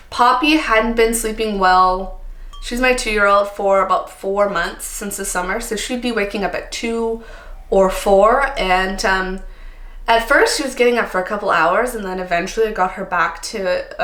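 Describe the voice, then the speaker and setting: A woman in her thirties from Canada talks casually to camera about her life, open and a little worn out, with plenty of ums and likes. Her voice sits at a middle pitch. The room around her gives a noticeable echo. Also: a bit bright. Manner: chatty, frequent ums and likes, candid. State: tired, a little emotional. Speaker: vlogger. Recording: echoey room.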